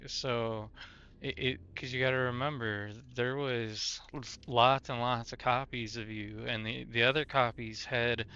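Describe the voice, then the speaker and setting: A man's voice: medium pitch, steady tone, unhurried, sharp tone, smooth. A man chatting casually with an AI companion while streaming a game, often stumbling and restarting his words. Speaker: gaming streamer. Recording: dull lo-fi mic.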